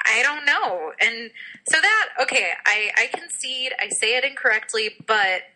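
A woman chatting casually as a podcast co-host. Her voice is very bright and sharp. She talks freely, laughs often and pokes fun at herself. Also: a little high, animated, normal speed, poor audio. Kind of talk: casual chat.

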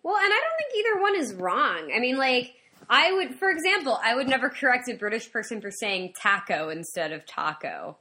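A woman co-hosting a podcast in casual chat, an animated storyteller who acts out other people's lines. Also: high voice, fairly quick. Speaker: podcast co-host.

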